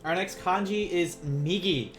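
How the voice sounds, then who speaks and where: A man teaching beginner Japanese in a casual livestream, rambling and self-amused, softly counting out strokes as he writes. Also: sits high, a little slow.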